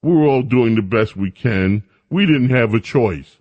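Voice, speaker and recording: A man's voice: medium pitch, lively intonation, measured pace, muffled recording. Man mocking a fretful female governor. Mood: defensive.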